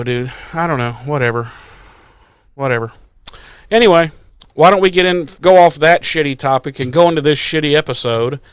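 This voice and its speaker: A man's voice: mid-range voice, a little fast, clean tone, no room sound, studio quality. A man co-hosting a podcast, ranting in casual chat with sarcastic, profane asides. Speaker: podcast co-host.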